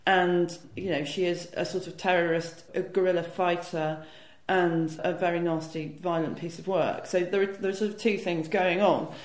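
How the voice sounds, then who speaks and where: A woman's voice: fairly low pitch, fairly even intonation, moderate pace, hardly any pauses, reverberant. A woman talking as a guest historian, explaining fluently and enthusiastically with frequent "you know" fillers. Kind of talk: conversational academic explanation.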